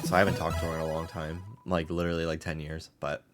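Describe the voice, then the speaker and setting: A young adult man chatting excitedly while streaming a video game, laughing often and swearing casually. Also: extremely low pitch, fast talker, over music. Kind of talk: casual let's-play commentary.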